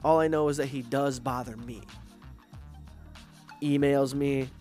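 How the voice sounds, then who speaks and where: A man hosting a podcast, ranting in a casual, profane, animated way and mocking others with put-on voices. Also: mid-range voice, unhurried, soft background music. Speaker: podcast host. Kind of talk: casual rant.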